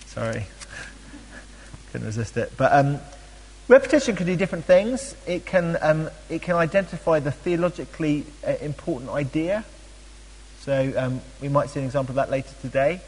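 A man teaching a Bible study, chatty and animated, with frequent ums and playful asides. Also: a little high, moderate pace, big-room sound, low-quality recording.

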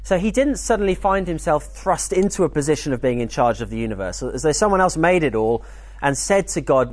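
A man leads a teaching session at a church weekend, talking in an easygoing, animated manner and dropping in jokey asides. His voice sits at a middling pitch. It is recorded close and dry, with no room echo. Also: fast. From United Kingdom. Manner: conversational, lively, jokey asides. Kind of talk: teaching talk.

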